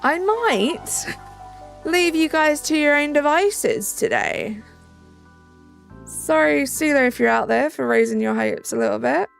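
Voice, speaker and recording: A woman's voice: sits high, lively intonation, a little slow, vocal fry. A British woman hosting a live stream in casual chat, reading out and answering viewers' messages. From Britain. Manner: chatty, reads out and answers chat, thanks viewers. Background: faint background music.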